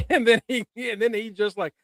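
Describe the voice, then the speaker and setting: A man's voice: high-pitched, steady tone, moderate pace, dry recording. A man hosting a casual wrestling podcast, retelling promos in quoted voices and swearing freely. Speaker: podcast host. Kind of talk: casual wrestling recap chat.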